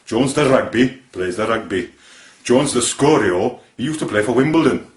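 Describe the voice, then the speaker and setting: A man's voice: mid-range voice, expressive, normal speed, reverberant, close to an everyday voice. A man voicing a chatty, proud Welshman in a lilting, sing-song manner, with a Welsh accent.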